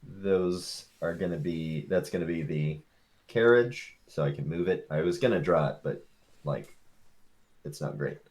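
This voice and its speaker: Deep-voiced guy running a tabletop game, casual and loose. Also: measured pace, a little mellow. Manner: casual, filler-heavy narration. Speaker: game master.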